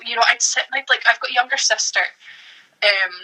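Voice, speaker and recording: A woman's voice: a little high, brisk, pushed and bright, husky, poor audio. A young woman, an actress in her late teens, chatting as a guest in a hesitant way, full of restarts. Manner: hesitant, many fillers and restarts. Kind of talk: casual interview chat.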